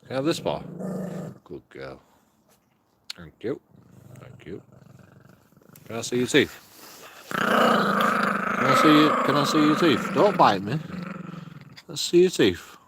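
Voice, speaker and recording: A man's voice: medium pitch, sing-song, slow pace, pauses often, heavy background noise. A man streaming casually, coaxing his dogs in a singsong voice, swearing and making mock threats. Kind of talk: casual chat with his pets.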